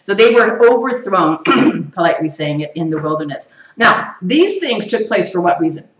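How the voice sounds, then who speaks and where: A woman teaching a Bible study to a group, lively, quizzing her listeners and laughing often. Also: on the low side, normal speed. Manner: animated, asks the group questions and laughs often. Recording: echoey room, far from the mic.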